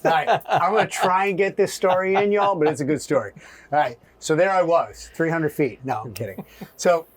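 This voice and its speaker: A middle-aged man telling a story in an interview, animated and acting out voices and asides. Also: a little high, fairly quick, noisy background. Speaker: guest.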